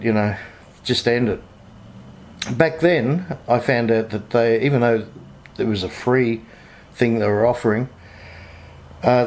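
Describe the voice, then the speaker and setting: A man's voice: mid-range voice, darkish tone. An Australian man vlogging a casual update, indignantly retelling his phone calls in his own voice.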